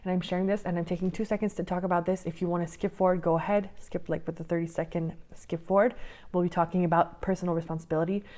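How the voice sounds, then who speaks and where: A woman's voice: on the low side, level tone, quick pace, warm tone. A young woman, slightly out of breath, hosting a casual coaching podcast from home in a chatty, rambling way. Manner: chatty, rambling, many fillers and restarts. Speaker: podcast host and life coach.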